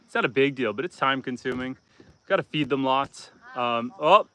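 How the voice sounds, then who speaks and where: A man's voice: medium pitch, measured pace, long pauses, sharp tone. A man hosting a live stream from his homestead, chatting casually, talking to his goats and reading out viewer comments. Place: outdoors on a homestead among goats.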